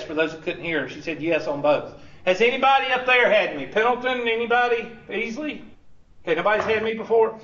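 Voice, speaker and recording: A man's voice: high-pitched, fairly bright tone, far from the mic. A man, a college instructor giving a classroom lecture in a teasing, sarcastic manner full of rhetorical questions. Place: large classroom. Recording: dull, echoey classroom recording from afar.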